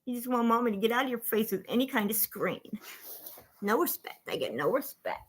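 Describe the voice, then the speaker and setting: A woman's voice: on the high side, sing-song, fairly quick, a little hiss or hum. A woman hosting a casual livestream, greeting viewers by name and cooing at her dogs in a bubbly way. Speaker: livestream host.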